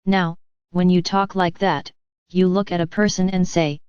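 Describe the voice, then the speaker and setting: A woman delivering a channeled spiritual message, speaking gently and patiently to her listeners. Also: lowish voice, level tone, normal speed, clean tone, no echo, highs cut off. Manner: gentle, patient, addresses listeners as dear ones.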